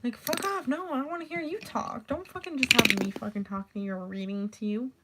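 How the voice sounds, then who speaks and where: Heavy background noise surrounds a young woman's fairly high voice as she tells stories a little fast in a casual vlog. She rambles, curses freely, and fills her speech with "like."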